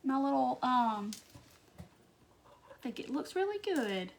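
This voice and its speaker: A woman from Wisconsin hosting a casual live-stream craft tutorial, chatting to viewers, answering their comments and muttering soft asides to herself as she works. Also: high voice, very animated, slow pace, creaky.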